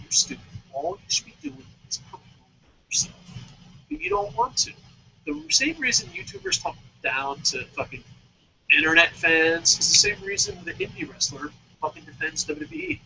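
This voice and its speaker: Heated high-voiced man ranting. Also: sharp tone, highs cut off. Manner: heated, profane, emphatic. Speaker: show host. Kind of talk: profane wrestling-commentary rant.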